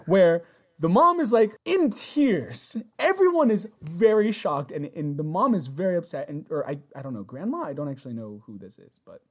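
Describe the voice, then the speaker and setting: A woman's voice: low voice, a little fast. A woman co-hosting a casual chat, recapping episodes and acting out the characters' lines. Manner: animated, acts out characters' lines. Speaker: podcast co-host.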